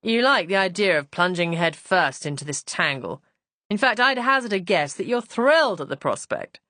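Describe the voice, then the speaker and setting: A woman reader puts on a languid, unruffled husband whose lines come dry and teasing. The reading sounds close and dry, with lively shifts in pitch. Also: normal speed, dry recording.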